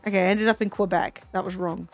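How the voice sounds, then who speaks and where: A woman's voice: mid-range voice, fairly even intonation, fast. A British woman streamer chatting casually, teasing and incredulous, swearing freely. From Britain. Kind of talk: casual chat with a guest. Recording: dry close mic, faint music behind.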